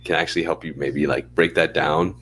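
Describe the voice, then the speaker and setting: A man co-hosting a podcast, talking in a laid-back, chatty way and now and then acting out a bright phone voice. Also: rumbling low, fairly even intonation, a little fast, slightly rough. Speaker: podcast co-host. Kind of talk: casual chat.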